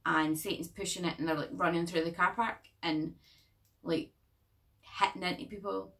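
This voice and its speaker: A young woman chatting through a horror film review, rambling and jokey, swearing freely. Her voice sits fairly low, and she sounds a bit back from the microphone. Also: steady tone, normal speed, creaky, a bit bright, recorded from a distance. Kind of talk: casual vlog chat.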